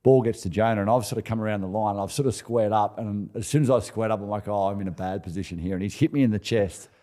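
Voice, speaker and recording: An Australian man in his forties chats as a podcast guest. His voice sits low and dark, and he spins long anecdotes in a loose, good-humoured way, tripping over his words and starting again. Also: quick pace. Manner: laid-back, chuckling anecdotes with many restarts. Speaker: podcast guest, former rugby player. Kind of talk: casual storytelling interview.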